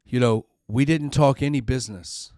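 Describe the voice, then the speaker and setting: A man's voice: medium pitch, moderate pace, a little mellow, no room sound, clean studio sound. A middle-aged man hosting a podcast, telling a personal story in an earnest, emotional way and sometimes repeating words when upset. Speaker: podcast host.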